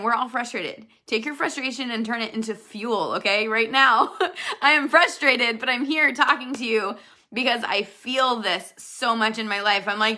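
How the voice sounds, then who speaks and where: A woman's voice: fairly high pitch, normal speed, bright, forceful tone. A woman in her thirties giving her business team an earnest, emphatic motivational talk, repeating her key points. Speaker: network marketing team leader.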